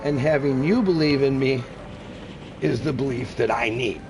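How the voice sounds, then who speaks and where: Over background music, a medium-pitched older man speaks at a normal speed on a gaming live stream. He calls himself a grandpa and rambles in a warm-hearted, folksy, earnest manner, sometimes adopting radio-announcer patter.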